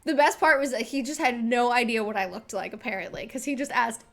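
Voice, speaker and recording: A woman's voice: a little high, brisk, a bit bright, faint music behind. A young woman, a singer, chatting casually on a live stream into a desk microphone, rambling with lots of filler words.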